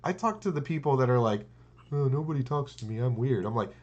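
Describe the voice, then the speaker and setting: A man's voice: mid-range voice, expressive, fast, a little mellow, highs cut off. Casting: man, podcast co-host, casual rambling storyteller who acts out quotes. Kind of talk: casual chat.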